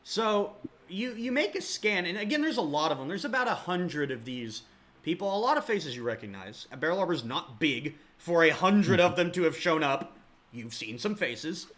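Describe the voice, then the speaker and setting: A man's voice: fairly high pitch, very animated, moderate pace, a bit bright. A man narrating as game master in a casual, rambling way with many fillers.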